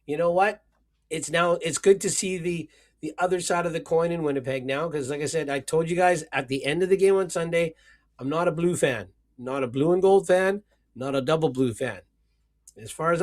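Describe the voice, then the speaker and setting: A man co-hosting a casual sports podcast, ranting with sarcastic mock sadness. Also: fairly high pitch. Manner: sarcastic, mock-emotional rants. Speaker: podcast co-host.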